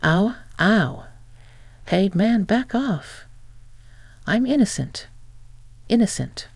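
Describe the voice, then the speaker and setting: A man's voice: high voice, animated, drawn-out words, gravelly, no echo, voice pushed up, exaggerated voice. A reader voicing a flustered, angry man caught out by his ex-wife, talking defensively and blustering. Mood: panicked. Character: angry, flustered male ex-husband.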